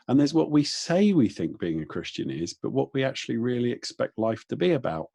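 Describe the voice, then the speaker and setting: Male interview host, low husky voice, dry close sound, meandering lead-ins to questions. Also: very animated, brisk, few pauses, a little mellow, no echo. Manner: rambling, thinks aloud before landing on a question. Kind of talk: conversational interview.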